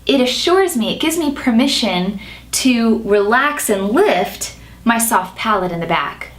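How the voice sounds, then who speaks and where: A woman singing teacher explaining a nasal vocal exercise and demonstrating it in between her explanations. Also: mid-range voice.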